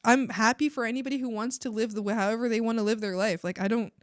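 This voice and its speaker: A woman's voice: on the high side, steady tone, fast, no room sound, studio quality. A young woman streaming while she draws, chatting casually in a rambling, emphatic way with many fillers and restarts. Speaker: art streamer. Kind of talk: casual chat while drawing.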